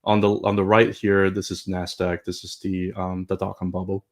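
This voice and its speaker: A man with a low voice walks through stock charts in casual commentary. His talk is loose and hedging, dotted with "you know" and "kinda". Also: level tone, moderate pace. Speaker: co-host chart analyst.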